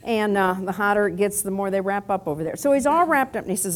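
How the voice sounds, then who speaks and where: A woman's voice: mid-range voice, quick pace. A woman teaching a Bible lesson with props, acting out scenes and adding chuckling asides.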